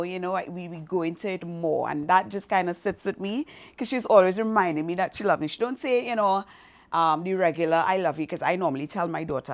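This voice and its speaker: A woman co-hosting a podcast, speaking softly and relaxed as she recalls family moments. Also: medium pitch, brisk. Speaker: podcast co-host. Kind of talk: casual chat.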